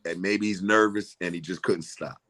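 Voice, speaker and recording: Animated man telling a story. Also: sits low, normal speed. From Philadelphia, USA. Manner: animated storyteller, acts out voices, laughs often. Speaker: comedian guest. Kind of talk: casual storytelling interview.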